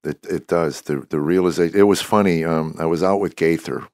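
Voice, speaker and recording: A man in his sixties with a deep, gravelly voice tells animated stories as a podcast guest, acting out the lines of the people in them. The recording is close and dry, with no room sound. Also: fairly quick, no echo. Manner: animated storyteller who acts out quoted dialogue. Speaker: comedian guest. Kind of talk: storytelling in a podcast interview.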